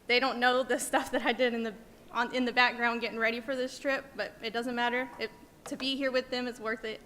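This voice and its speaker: Woman teacher, bright and high, emotional and near tears, reverberant hall. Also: flat delivery, brisk. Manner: emotional, tearful, laughing nervously. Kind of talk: emotional conference speech. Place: museum conference hall. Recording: long hall reverb, faint noise.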